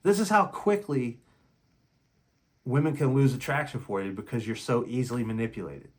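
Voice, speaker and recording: A man's voice: medium pitch, moderate pace. A man hosting a relationship talk channel, speaking in a blunt, heated casual monologue and acting out quotes as he tells his story.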